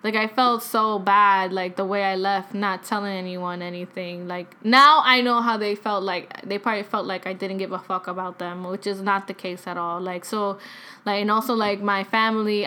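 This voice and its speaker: A woman's voice: mid-range voice, level tone, normal speed, pushed and bright. A young woman in her twenties telling a rambling story in casual chat, full of filler words and swearing. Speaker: vlogger.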